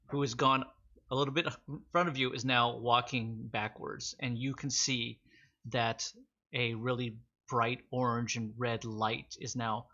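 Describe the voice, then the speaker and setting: A man acts as game master for an online tabletop game, setting each scene in a measured, descriptive way. His voice is bright and clear in tone. The audio sounds a little dull and lo-fi. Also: mid-range voice. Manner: descriptive, measured narration with fillers.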